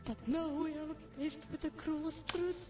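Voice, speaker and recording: An actor plays a proud alien captain whose formal, oddly phrased speech rises high and fervent. The voice sounds distant, coming through game audio with faint music under it. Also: steady tone, moderate pace, lightly acted. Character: proud bird-like alien ship captain, honor-bound.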